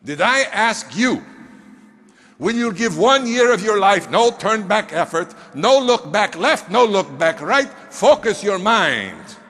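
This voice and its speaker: A man voicing a short, stern mentor who talks slowly and insistently in broken English, in a reverberant hall. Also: high-pitched, big pitch swings, fairly bright tone, full character voice.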